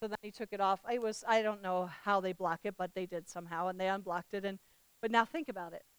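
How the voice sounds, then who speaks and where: A woman preaching a sermon, telling a personal story with emphatic repetition and animated acted-out quotes. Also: medium pitch, fast, smooth, dry recording, low-quality recording.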